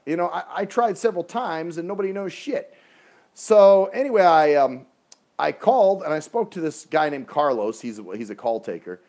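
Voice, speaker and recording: A man's voice: a little high, expressive, brisk, a little mellow. A man telling an exasperated, profane story in a casual ranting livestream, speaking into a phone.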